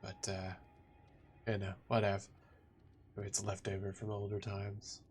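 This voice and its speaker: A man's voice: on the low side, monotone, a little slow, faint music behind. A man playing a video game and casually chatting, joking and reacting to the characters. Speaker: let's play gamer.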